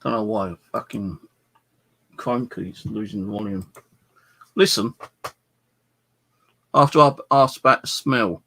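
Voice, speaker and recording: A man live-streaming from his flat, puzzling aloud over what a recording is saying. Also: on the low side, slow, long pauses. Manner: puzzled, keeps asking what a recording says. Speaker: paranormal vlogger.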